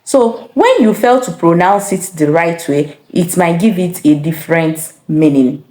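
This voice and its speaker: A woman teaching vocabulary, saying each word slowly and repeating it with careful tones. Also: on the low side, expressive, mellow, echoey room. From Nigeria. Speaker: language teacher. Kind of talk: slow vocabulary lesson.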